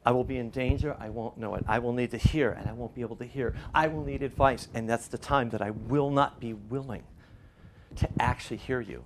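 A man's voice: medium pitch, brisk, noisy background. An older man preaching in a conversational way, telling stories and giving lessons with rising emphasis. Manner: storytelling with rising emphasis and quoted voices. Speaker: pastor. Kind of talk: preaching, conversational sermon talk.

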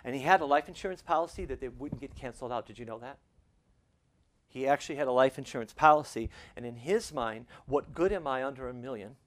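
Man, pastor, sermon, hushed to fervent, mid-pitched voice. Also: fast.

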